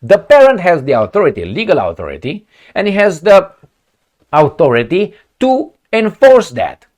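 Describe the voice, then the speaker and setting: Mocking, animated male commentator. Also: sits high, normal speed. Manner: sarcastic, mocking, emphatic. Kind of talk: profane political commentary.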